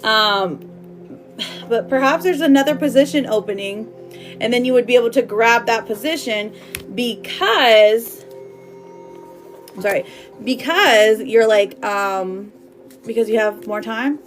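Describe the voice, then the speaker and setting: A woman's voice: a little high, measured pace, pauses often, soft background music. A woman doing a live tarot reading for viewers, bubbly and affectionate, chatting loosely with lots of fillers and laughs. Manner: affectionate, calls viewers girl and my love. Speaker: tarot reader.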